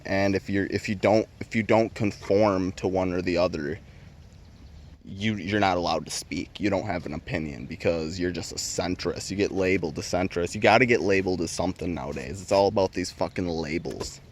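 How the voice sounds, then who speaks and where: Guy ranting on his vlog, lowish voice, cussing nonstop, rambly and worked up. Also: brisk, slight background noise. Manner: heated, swears constantly, rambling restarts. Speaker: vlogger. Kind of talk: profane opinion rant.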